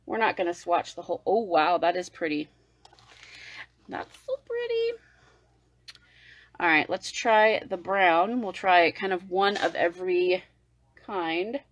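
A woman vlogging a makeup unboxing livestream, gushing and excitable, sometimes dropping to a whisper. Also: lowish voice, moderate pace, poor audio. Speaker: beauty vlogger.

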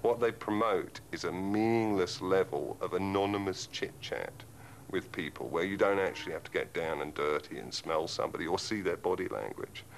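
Deep gravelly man, sardonic rant. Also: moderate pace, soft background music, poor audio. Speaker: interviewee. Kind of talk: ranting commentary.

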